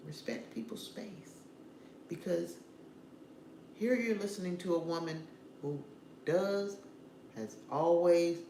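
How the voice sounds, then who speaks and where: A woman's voice: sits low, warm tone, a little hiss or hum. A woman vlogger giving casual, opinionated commentary on celebrity news, talking straight to her viewers. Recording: roomy echo with faint ambience.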